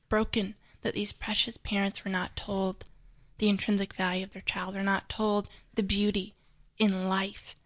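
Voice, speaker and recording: Flat-voiced woman with a gravelly edge. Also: medium pitch. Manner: earnest, with frequent "um" fillers and restarts. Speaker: interview guest, pro-life advocate. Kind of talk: personal storytelling in an interview.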